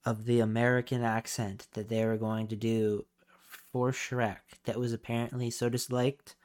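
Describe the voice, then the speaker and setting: A man's voice: medium pitch, little pitch movement, moderate pace, darkish tone. Rambling casual podcast host, a man. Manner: rambling, filler-heavy, swears freely.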